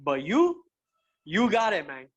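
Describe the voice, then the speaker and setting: A man's voice: sits high, wildly swooping pitch, measured pace, highs cut off, exaggerated voice. A man imitating a Cuban-accented heavyweight fighter. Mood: approving. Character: big burly male fighter, laid-back and approving.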